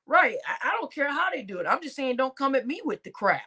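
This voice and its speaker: A woman's voice: high voice, big pitch swings, moderate pace, bright, forceful tone. A woman hosting a live stream, talking in a blunt, slangy, profane way, scolding people and laughing between remarks. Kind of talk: casual live stream rant.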